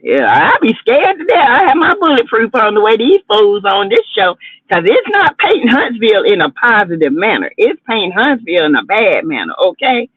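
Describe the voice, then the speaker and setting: A woman's voice: on the high side, wildly swooping pitch, normal speed, husky, no room sound. A woman hosts a chatty gossip livestream, talking in a sassy way with dramatic asides. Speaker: livestream host. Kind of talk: casual gossip commentary livestream. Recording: tinny phone-like audio.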